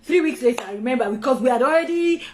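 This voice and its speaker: Chatty woman host telling a story, pitched high. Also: fast. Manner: animated and chatty, greets viewers mid-story; talkative, with many asides and restarts. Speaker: live-stream host. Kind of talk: personal storytelling on a live stream.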